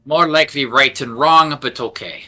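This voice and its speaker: Man doing an aloof formal gent, dry sarcasm, bright edgy tone. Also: medium pitch, moderate pace, rough recording. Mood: haughty.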